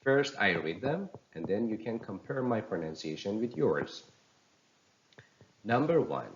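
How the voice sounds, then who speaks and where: A man teaching English pronunciation, reading practice words slowly and clearly for learners to repeat. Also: lowish voice, big pitch swings, highs cut off. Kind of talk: slow teaching with drills.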